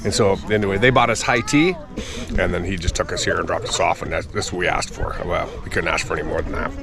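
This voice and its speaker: A man's voice: sits low, fast, vocal fry, a crowd in the background. A male travel vlogger talking casually on location at a scenic lookout, effusive and rambling, often exclaiming in wonder. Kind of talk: casual on-location talk to camera.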